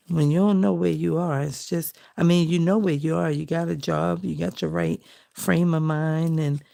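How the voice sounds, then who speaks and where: A woman's voice: low-pitched, gravelly, mellow. A middle-aged woman, chatting in a heartfelt, folksy way while she crafts for her vlog. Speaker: crafting vlogger. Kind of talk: casual chat while crafting.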